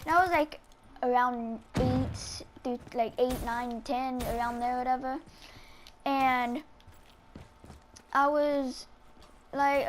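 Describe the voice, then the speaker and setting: A woman's voice: high-pitched, fairly even intonation, takes it slowly, long pauses, a little hiss or hum. A woman telling a casual story while she plays a game, rambling and full of filler words. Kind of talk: casual storytelling over gameplay.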